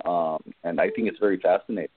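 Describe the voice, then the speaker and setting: A man, an actor guest, talking hesitantly in a casual phone interview, with many pauses and restarts. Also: sits low. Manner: hesitant, lots of ums and restarts. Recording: tinny phone line.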